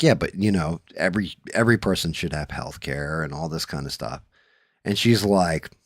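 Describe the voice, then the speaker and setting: Profane storytelling man, low voice. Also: no room sound, clean studio sound. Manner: profane, storytelling, animated when riled up. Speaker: podcast host. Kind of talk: casual chat.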